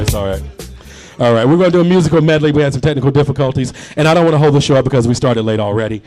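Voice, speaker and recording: A man's voice: mid-range voice, very fast, faint music behind. A man in his forties hosting a live comedy show, telling jokes and chatting with the crowd. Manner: animated, chatty, working the crowd. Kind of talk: live stand-up storytelling. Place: bar venue, live show.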